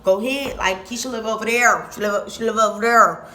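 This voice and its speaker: A woman voicing her angry mother, shouting and scolding an intruder in a high, loud voice. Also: fairly quick. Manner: yelling, scolding. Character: furious shouting mother, middle-aged woman.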